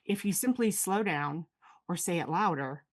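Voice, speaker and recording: A woman speech therapist explains her techniques on a podcast with earnest detail. Her voice is slightly low. She talks in a warm explanatory way. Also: animated, moderate pace. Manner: explanatory, earnest, playfully demonstrative. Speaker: speech-language pathologist, guest. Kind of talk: casual conversational interview.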